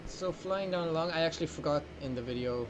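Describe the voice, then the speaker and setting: A man's voice: a little high, quick pace, background noise. Irish man narrating his gameplay. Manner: earnest, trying to sound animated. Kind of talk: gameplay commentary.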